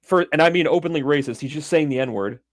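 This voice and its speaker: Animated, swearing podcast storyteller man. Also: fairly high pitch, fast. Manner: animated storyteller, swears freely, acts out scenes. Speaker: podcast co-host. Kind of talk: casual chat, retelling a film.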